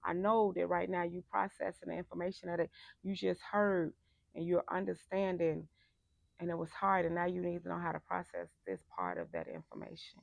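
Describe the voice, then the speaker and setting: A woman life coach giving a passionate motivational talk, emphatic and turning loud and animated when making a point. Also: on the low side, normal speed, vocal fry, dry recording.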